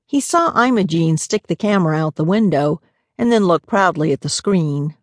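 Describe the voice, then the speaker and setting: In a studio-quality recording with no room sound, a woman with a fairly low pitch narrates an audiobook. She tells the scripted story in an even, measured manner.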